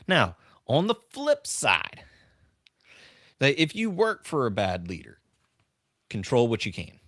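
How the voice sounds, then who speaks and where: A middle-aged leadership coach and podcast host talks leadership on a live stream, telling stories earnestly and emphatically while repeating key phrases to drive points home. His voice is ordinary in pitch and a bit bright. The recording is dry and close, with no room sound.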